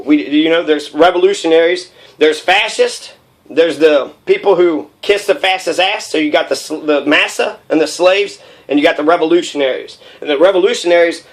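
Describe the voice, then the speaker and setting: A man in his thirties in a raw, rambling personal monologue, profane and heated, with many fillers. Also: on the high side. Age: 30s.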